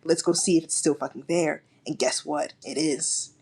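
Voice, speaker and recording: A woman's voice: sits low, fairly even intonation, normal speed, gravelly, darkish tone, husky. A woman co-hosting a podcast, recapping a TV episode in casual chat that is full of slang and constant swearing. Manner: profane, slangy and emphatic. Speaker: podcast co-host.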